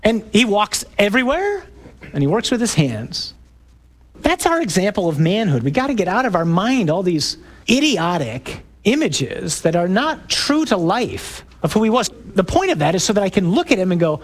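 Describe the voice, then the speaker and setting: Emphatic priest with a lively voice. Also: male voice, high voice, moderate pace. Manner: emphatic, rising to loud exclamations. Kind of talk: talk to a parish men's group.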